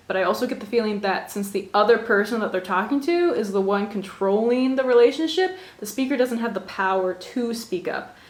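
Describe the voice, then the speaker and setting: Gushing young woman in echoey room. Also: mid-range voice. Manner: gushing, animated, laughs often. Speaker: vlogger reviewing an album. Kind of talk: casual chat. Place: bedroom.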